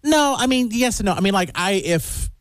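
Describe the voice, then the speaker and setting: Animated man chatting casually. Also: normal speed, clear, resonant tone, dry recording, studio quality. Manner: animated, jumps into high silly voices for his dog. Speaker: podcast co-host. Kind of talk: casual chat.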